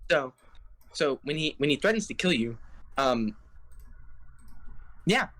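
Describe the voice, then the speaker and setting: A man's voice: a little high, lively intonation, takes it slowly, fairly bright tone. A young man casually retelling a video game's plot in long run-on sentences, tossing in "right?" and "bruh" as a podcast co-host. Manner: rambling, run-on storytelling with frequent "right?" and "bruh". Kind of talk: casual chat recapping a game plot.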